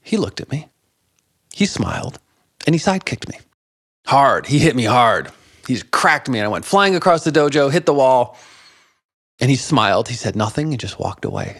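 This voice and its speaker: Lively storytelling man in his fifties. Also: medium pitch, normal speed, pauses often, dry recording, clean studio sound. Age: 50s. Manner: animated storytelling, laughs often. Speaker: interview guest, meditation teacher. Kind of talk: conversational interview.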